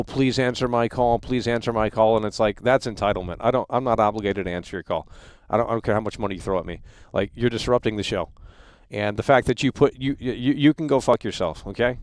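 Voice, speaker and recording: A man's voice: medium pitch, no room sound. A man in his thirties hosting a live stream, ranting in a heated, profane way and stumbling over repeated words. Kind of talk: angry livestream rant.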